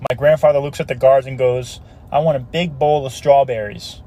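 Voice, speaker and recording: A man's voice: mid-range voice, steady tone, moderate pace, dark tone. A man telling comic stories in a casual way and putting on voices for the people in them. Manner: casual storytelling with put-on voices. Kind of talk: telling a joke story.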